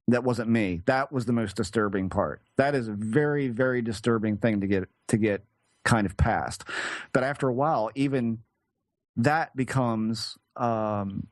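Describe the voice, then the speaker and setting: A male podcast guest recounting a personal experience, halting and searching for words with frequent restarts. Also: medium pitch, no room sound.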